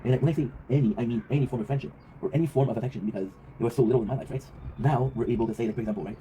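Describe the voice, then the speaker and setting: Rapid-talking man, rambling vlog monologue. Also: medium pitch, dark tone. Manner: rambling, reflective, swears freely, often tags "right?". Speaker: vlog host. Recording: noisy ambient background.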